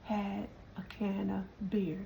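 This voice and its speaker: A woman's voice: medium pitch, flat delivery, takes it slowly, vocal fry, mellow, a little hiss or hum, low-quality recording. A woman voicing a weary woman she met on the street, talking plainly and tired, within a spoken story. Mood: earnest.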